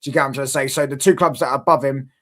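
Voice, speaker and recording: A man's voice: medium pitch, steady tone, rapid-fire, fairly bright tone. A man hosting a football reaction stream, ranting in exasperated casual chat and asking rhetorical questions.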